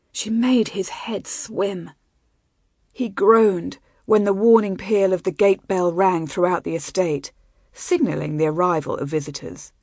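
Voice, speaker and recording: Soft-spoken woman narrating a romance. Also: mid-range voice, no room sound, studio quality. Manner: soft, intimate, measured reading. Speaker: audiobook narrator.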